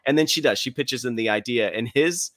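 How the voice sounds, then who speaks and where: A man co-hosting a podcast in casual chat, retelling scenes in an animated way and laughing as he talks. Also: mid-range voice, a little fast, no room sound, studio quality. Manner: animated storyteller, laughs while telling. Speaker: podcast co-host.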